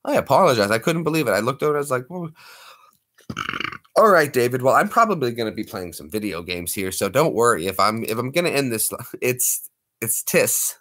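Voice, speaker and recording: A man hosts a late-night livestream and chats easily with his viewers. He talks in a playful, joking way. His pitch moves a lot as he speaks. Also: big pitch swings, fairly quick, a bit bright. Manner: playful, jokey, slips into put-on accents. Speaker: livestream host.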